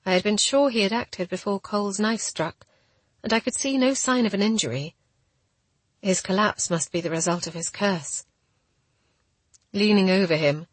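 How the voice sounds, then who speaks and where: Brief: woman narrator for a first-person novel, steady, husky timbre, dry studio sound. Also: fairly low pitch, no room sound. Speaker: audiobook narrator.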